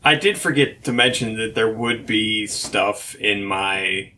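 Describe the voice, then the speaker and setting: A man's voice: fairly low pitch, takes it slowly, sharp tone, slight background noise. A man co-hosting a podcast in casual chat, rambling and hedging as he thinks aloud, with many restarts. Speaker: podcast co-host.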